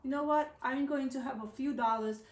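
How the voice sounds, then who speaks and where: A woman with a high voice chimes in with brief remarks and her own take on date etiquette. She sounds set back from the mic, in a roomy space with a faint hum of ambience. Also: brisk, far from the mic. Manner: chimes in with short agreeing remarks. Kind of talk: casual advice talk.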